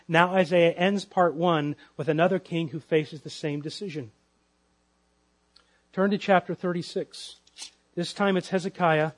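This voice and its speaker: A man preaching an expository sermon as pastor to a congregation, pressing his listeners with emphatic, repeated rhetorical questions. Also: fairly high pitch.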